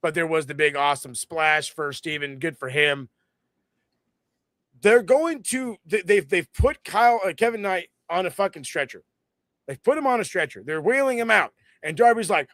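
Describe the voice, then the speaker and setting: Animated, profane higher-voiced man. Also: normal speed, dry recording, studio quality. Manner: profane, animated storytelling with mocking quoted voices. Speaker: podcast co-host. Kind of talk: casual wrestling review chat.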